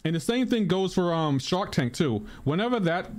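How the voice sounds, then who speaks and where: A man talks loosely to his stream while he plays, a touch higher-pitched than most men. He rambles, circles back and repeats phrases, and answers chat out loud as it comes in. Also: big pitch swings, normal speed. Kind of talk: casual live-stream chat while gaming.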